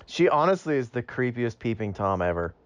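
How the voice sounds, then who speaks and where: Casting: sarcastic male film podcaster, animated pitch, dry close sound. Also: no room sound, highs cut off. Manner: wry, sarcastic, quick asides. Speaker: movie review podcast co-host. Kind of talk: casual chat.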